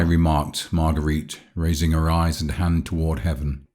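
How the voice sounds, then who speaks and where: A man narrating a classic novel as an audiobook, in a measured, formal reading. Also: a bass voice, little pitch movement, darkish tone. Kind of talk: scripted narration.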